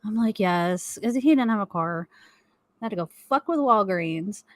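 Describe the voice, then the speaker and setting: A woman's voice: mid-range voice, moderate pace, dry recording. A middle-aged woman co-hosting a live stream chat from home, telling a rambling story full of swearing and laughs. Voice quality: animated, swears a lot, laughs often. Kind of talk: casual profane storytelling.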